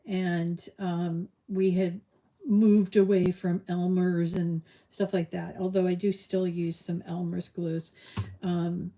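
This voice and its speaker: A woman's voice: on the low side, mellow. A middle-aged woman hosting a live crafting tutorial, chatting casually and rambling off on tangents. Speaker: crafting show host.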